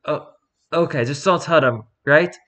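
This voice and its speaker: A man's voice: fairly high pitch, measured pace, bright, forceful tone, voice pushed up. A man voicing a panicked male convict prisoner who pleads and begs. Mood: pleading. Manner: pleading, then frantic and screaming.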